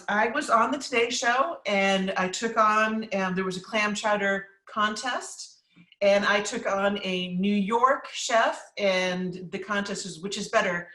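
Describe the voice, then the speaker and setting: A woman's voice: medium pitch, bright, forceful tone, recorded from a distance. A woman chef and cookbook author from New England answers questions in a casual live cooking class, chatty and emphatic with many ums. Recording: roomy echo from off-mic.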